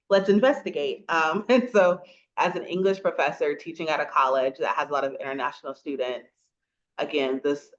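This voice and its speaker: Lively woman host, slightly muffled sound. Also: low voice. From rural Florida, USA. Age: 30s. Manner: animated storyteller who laughs often and acts out quoted people. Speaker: podcast host. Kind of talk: casual podcast chat.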